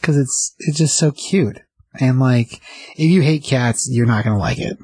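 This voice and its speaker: A man co-hosting a podcast, talking in a relaxed, easygoing way with halting restarts. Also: mid-range voice, slightly rough. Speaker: podcast co-host, comic reviewer. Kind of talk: casual chat.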